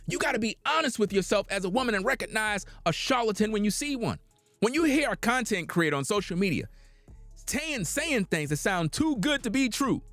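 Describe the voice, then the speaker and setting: Blunt, preachy man with a lively voice. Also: extremely high pitch, no room sound. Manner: blunt, preachy, lecturing in slang. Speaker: reaction commentator. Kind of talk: livestreamed reaction commentary.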